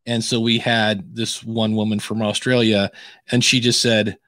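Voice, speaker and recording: A man's voice: on the low side, little pitch movement, unhurried, fairly bright tone, no echo, clean studio sound. A middle-aged American man co-hosting a podcast, telling rambling stories and acting out the dialogue he quotes. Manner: rambling storyteller who acts out quoted dialogue. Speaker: podcast co-host. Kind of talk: casual podcast chat.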